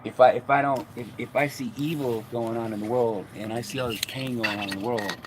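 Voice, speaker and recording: A man's voice: medium pitch, steady tone, fairly quick, very noisy. A man telling a long story in casual conversation, rambling and often restarting his sentences.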